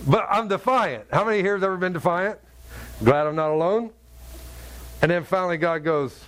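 Man, middle-aged, preacher, sermon, animated storyteller, acts out voices, fairly high voice. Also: moderate pace, long pauses.

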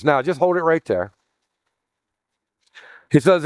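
A man's voice: a little high, animated, measured pace, long pauses, clean tone, dry recording, studio quality. A man preaching a sermon as pastor, teaching in a chatty way, calling his listeners "guys" and often restarting his sentences.

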